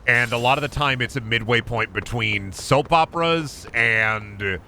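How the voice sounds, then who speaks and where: Bright-voiced, swearing male game streamer. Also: mid-range voice, measured pace, vocal fry, a little hiss or hum. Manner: animated, profane, joking. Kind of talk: casual live-stream commentary.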